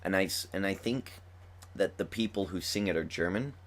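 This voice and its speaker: A man's voice: low-pitched, moderate pace, fairly bright tone. A young man just woken up, chatting casually and enthusiastically as he comments on a wrestling video game at home. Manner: rambling, chatty, enthusiastic fan talk. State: just woke up. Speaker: gaming commentator. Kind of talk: casual commentary over gameplay.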